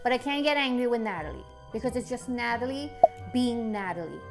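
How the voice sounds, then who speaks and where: A woman's voice: on the high side, lively intonation, brisk, over loud music. A woman playing a sulky, angry schoolgirl with two ponytails in a coaching skit, whining and repeating her questions. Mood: angry sulking. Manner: whiny, repeats herself, childish nagging questions.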